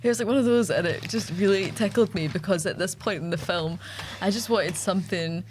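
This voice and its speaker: A woman's voice: medium pitch, fairly quick, darkish tone, slight background noise. A woman co-hosting a podcast, chatting casually and teasing her co-host. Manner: giggly and teasing. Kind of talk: casual chat.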